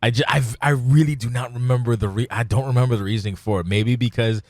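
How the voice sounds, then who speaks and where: A man's voice: medium pitch, quick pace, no room sound, studio quality. A man hosting a casual podcast, talking loosely and swearing as he tells stories. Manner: loose, swearing, laughing, lively storytelling. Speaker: podcast host.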